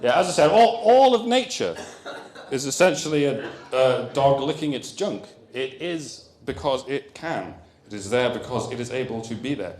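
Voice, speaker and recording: A man giving a comic lecture at a conference, animated and jokey with rambling asides. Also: mid-range voice, normal speed. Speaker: comedian giving a conference talk. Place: conference hall. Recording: roomy hall echo.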